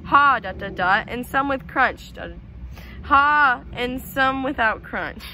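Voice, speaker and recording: A woman's voice: on the high side, animated, a little fast, pushed and bright, a little hiss or hum, rough recording. A woman voicing a big, easygoing male truck driver who laughs a lot, in a read-aloud storybook. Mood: amused.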